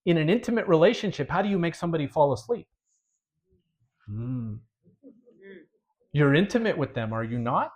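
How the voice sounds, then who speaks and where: Male preacher, dramatic sermon storytelling, fairly high voice, loud to hushed. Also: expressive, moderate pace, long pauses.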